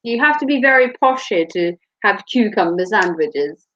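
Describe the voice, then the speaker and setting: In a dull lo-fi home recording, a Norfolk mother who vlogs chats casually, laughing and swearing freely in a slight Norfolk accent. Her mid-range voice is animated and a bit bright, moving at a normal speed.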